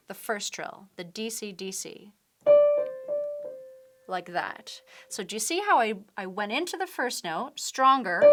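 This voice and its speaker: A woman piano teacher giving a patient, step-by-step tutorial, explaining techniques while she demonstrates at the keyboard. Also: medium pitch. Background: piano playing.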